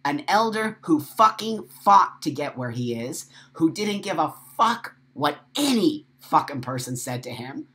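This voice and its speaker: A man's voice: on the high side, very animated, a little slow, hardly any pauses, sharp tone. A middle-aged man hosting a live stream, speaking in an emphatic, profane and emotional monologue full of repetition. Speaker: host.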